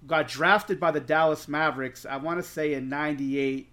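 Man, middle-aged, animated storyteller, casual swearing, slightly high voice. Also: normal speed, a crowd in the background. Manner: animated storyteller, swears freely, acts out quotes. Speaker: podcast co-host.

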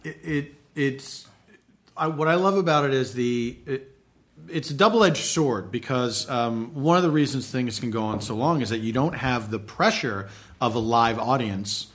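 A comedy performer talking casually, halting and restarting with lots of fillers. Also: male voice, medium pitch. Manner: halting, full of ums and restarts.

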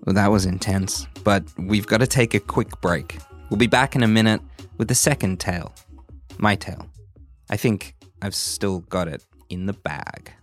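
A man's voice: fairly low pitch, moderate pace, soft background music. A man co-hosting a podcast, bantering and teasing playfully. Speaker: podcast co-host. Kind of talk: casual chat.

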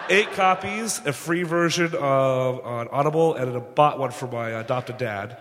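A man's voice: mid-range voice, measured pace, fairly bright tone, big-room sound, a little hiss or hum. A man from the audience at a live podcast, eagerly and ramblingly thanking the hosts. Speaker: audience member asking a question.

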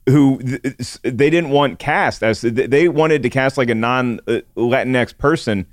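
A man's voice: medium pitch, dry recording. A man co-hosting a casual podcast, talking thoughtfully with frequent halts and restarts. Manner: thoughtful, halting, restarts words. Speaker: podcast co-host. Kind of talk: casual chat.

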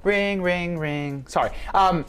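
Low-voiced woman musing in casual chat. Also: clean tone, faint music behind. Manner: musing, halting, restarts mid-thought. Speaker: podcast co-host.

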